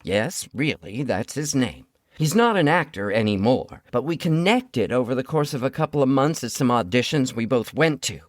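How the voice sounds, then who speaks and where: A man's voice: mid-range voice, lively intonation, normal speed, no echo, clean studio sound. A man narrating a first-person audio story in a wry, conversational way.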